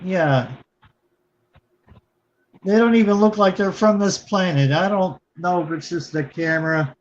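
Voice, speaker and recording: Man, panel guest, slightly higher voice, muffled lo-fi mic. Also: a little slow. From Kentucky. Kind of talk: casual chat. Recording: dull lo-fi audio with faint noise.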